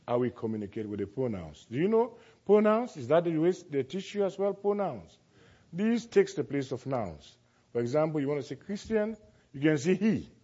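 Male preacher, emphatic, high-ish voice, drawn-out stressed words, muffled lo-fi sound. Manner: emphatic, swings from loud declaiming to quiet asides; slows down to stress key words. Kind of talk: sermon.

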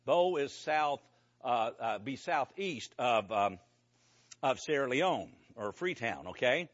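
A man preaching to a congregation, telling a lively story about a mission trip with casual asides to the listeners. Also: mid-range voice, slow, lo-fi sound. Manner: conversational, animated storytelling with asides to the audience. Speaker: preacher giving a mission report.

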